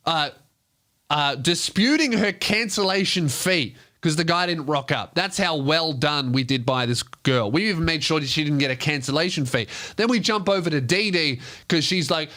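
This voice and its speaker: A man's voice: on the high side, animated, moderate pace, sharp tone. A man, hosting a comedy podcast and telling a loose, profane anecdote. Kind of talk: comedic storytelling.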